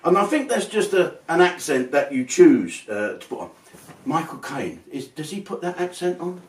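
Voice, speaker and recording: A man's voice: a little high, sing-song, normal speed, distant mic. An older man, telling rambling, sweary comic stories in a casual way. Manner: swearing, rambling, slips into put-on voices. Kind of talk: casual anecdotal storytelling. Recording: roomy, from off-mic.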